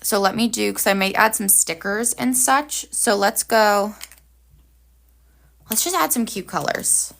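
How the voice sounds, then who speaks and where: Speaking a little slowly with vocal fry, a woman with a medium-pitched, slightly bright voice hosts a live planner session. She's chatty and upbeat, addressing viewers cheerfully while she works on her drawing.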